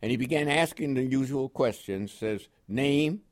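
A man's voice: mid-range voice, moderate pace. An older man from Panama with a New York accent touched by West Indian inflections, telling his life story in an oral history interview. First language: French. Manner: lively, animated storyteller who acts out quoted voices.

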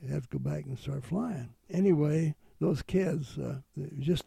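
Older man, gravelly voice, dark husky tone, earnest halting storyteller. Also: a little high, no echo. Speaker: interviewee. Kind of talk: storytelling interview.

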